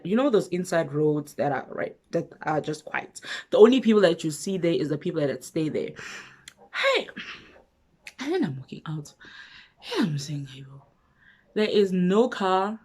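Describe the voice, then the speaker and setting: Animated South African woman telling a story. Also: lowish voice. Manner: animated, acts out both sides of the conversation. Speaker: vlogger. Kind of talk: casual storytelling.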